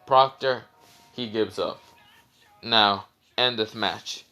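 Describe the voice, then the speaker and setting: A man voicing a menacing teenage boy ninja who gloats and taunts slowly over a beaten opponent. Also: fairly low pitch, sharp tone, soft background music. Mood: cold.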